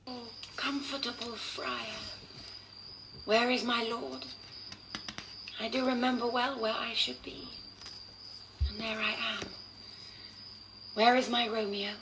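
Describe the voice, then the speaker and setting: An actress playing a desperate, tender young noblewoman in Shakespearean verse, speaking in a hushed voice. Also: on the high side, lively intonation, takes it slowly, long pauses, noisy background. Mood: dazed. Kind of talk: Shakespearean stage acting.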